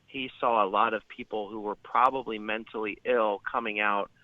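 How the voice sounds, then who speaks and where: A man's voice: lowish voice, fairly even intonation, moderate pace, dry recording. A man talking at length on a podcast, rambling with many fillers and restarts. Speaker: podcast guest. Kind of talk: conversational podcast talk. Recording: dull lo-fi sound.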